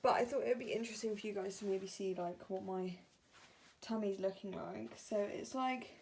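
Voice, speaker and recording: A woman's voice: medium pitch, normal speed, creaky, darkish tone, a little hiss or hum. A woman in her late teens, a new mother vlogging from her bedroom at home, tired and short of breath, chatty and apologetic with many ums. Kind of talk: casual vlog chat.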